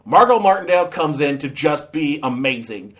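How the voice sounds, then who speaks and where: A man's voice: on the high side, expressive, normal speed, a bit bright. A man giving a casual, ranting movie review, sarcastic, with many fillers and restarts.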